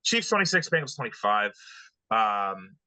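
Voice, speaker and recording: A man co-hosting a casual sports podcast, recapping scores in a relaxed way with lots of ums, uhs and swearing. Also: on the low side, normal speed, no echo, rough recording. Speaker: podcast co-host recapping games.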